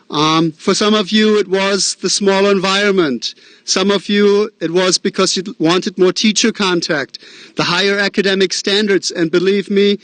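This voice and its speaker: A man's voice: sits high, a bit bright, no echo. A man, a school principal with a Midwestern American accent, giving an earnest, encouraging graduation welcoming address with fillers and self-deprecating asides. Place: outdoor drive-in graduation ceremony.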